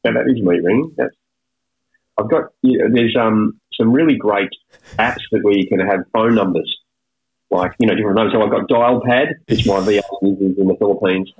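A man's voice: on the low side, normal speed, breathy edge, dull audio. A man with an Australian accent chatting casually and telling stories with self-mocking humor. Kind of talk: casual chat.

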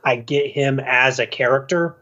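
A man co-hosting a podcast, chatting casually about a film and acting out scenes in quick put-on voices. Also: mid-range voice, dull audio. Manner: animated, acts out scenes with quick voice changes. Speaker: podcast co-host. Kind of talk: casual movie review chat.

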